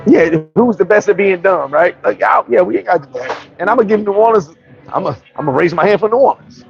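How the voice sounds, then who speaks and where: A man's voice: high-pitched, lively intonation, fast, gravelly, dull audio, faint music behind. A man from New York telling brash, profane stories in a casual storytelling monologue as a vlogger.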